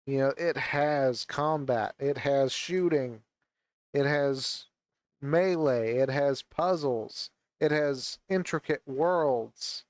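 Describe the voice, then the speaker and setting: A man's voice: medium pitch, slow pace, no echo. A man ranting angrily about a game while wearing a VR headset, swearing and venting as a gaming vlogger. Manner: angry, swearing rant. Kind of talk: ranting commentary while playing. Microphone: VR headset on, gaming mic.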